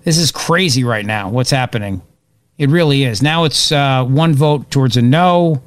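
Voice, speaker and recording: A man hosting live political talk radio, excitable and opinionated, rambling as he reacts to events. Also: medium pitch, normal speed, no echo. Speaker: radio talk show host.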